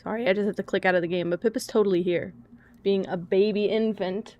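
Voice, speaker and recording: A woman's voice: mid-range voice, fairly even intonation, quick pace, dark tone, muffled recording. A young woman streaming a video game, chatting casually with her viewers, laughing often and swearing freely.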